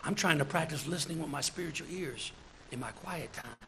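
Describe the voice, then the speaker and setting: A deacon preaching a sermon in a church, lively, chuckling between his points and calling out praise. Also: on the high side, a little fast, gravelly, a little hiss or hum, rough recording.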